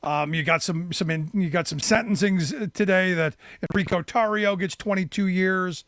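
A man's voice: sits high, normal speed, fairly bright tone, no room sound. A man hosting a talk radio show, frank and conversational, who stumbles and restarts as he talks. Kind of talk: casual talk radio interview.

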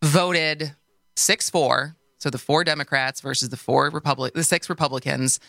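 A woman's voice: deep voice, steady tone, moderate pace, creaky, fairly bright tone, dry recording, clean studio sound. A woman hosting a radio talk show, sarcastic and loose, rambling as she searches for words.

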